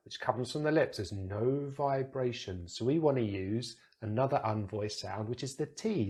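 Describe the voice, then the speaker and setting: A British man teaches pronunciation into a close microphone. He repeats example words slowly, exaggerating each sound. His pitch sits in a middle range for a man. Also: big pitch swings, darkish tone. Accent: British English.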